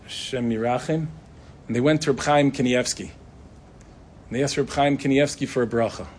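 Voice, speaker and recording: A middle-aged man, a rabbi, telling a story in an animated way, acting out the dialogue. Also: medium pitch, moderate pace, a little hiss or hum. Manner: animated, acts out dialogue in shifting voices. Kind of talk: storytelling talk.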